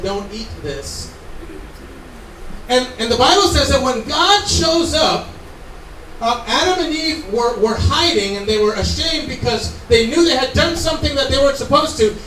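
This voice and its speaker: A man's voice: very high-pitched, a bit bright, a little hiss or hum. A man preaching a sermon in an earnest, conversational way with asides to the congregation. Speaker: pastor. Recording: echoey room, mic from far off.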